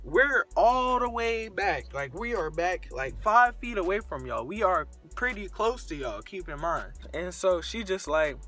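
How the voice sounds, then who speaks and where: Young guy vlogger, slightly high, punchy bright voice, crude slangy storytelling, faint music behind. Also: a little slow, hardly any pauses. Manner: crude, slangy, animated retelling. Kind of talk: casual storytime.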